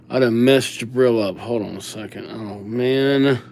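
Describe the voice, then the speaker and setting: A man running a relaxed livestream, reading viewer names aloud as he writes. He talks slowly and unhurriedly in an ordinary mid-range voice, easygoing and chatty into a desk microphone. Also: mid-range voice, a little hiss or hum. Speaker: livestream host. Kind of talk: casual livestream chat.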